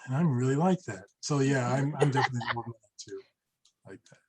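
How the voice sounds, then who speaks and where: A man's voice: medium pitch, expressive, a little fast, very noisy. A young man chatting casually on a podcast, rambling and restarting his sentences often. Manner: rambling, self-interrupting, frequent restarts.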